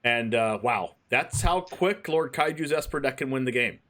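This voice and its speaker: A man co-commentating a card game tournament on his stream, giving chatty, relaxed color commentary. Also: mid-range voice, moderate pace.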